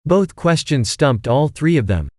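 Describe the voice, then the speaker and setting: Male audiobook narrator, brisk and animated, dry close sound. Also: a little high, no room sound.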